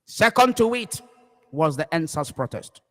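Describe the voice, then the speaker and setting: Fervent Nigerian pastor, high voice. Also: male voice, sing-song, measured pace, in a large hall. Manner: emphatic, repeats phrases, swings from loud cries to hushed low words. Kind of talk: impassioned preaching livestream.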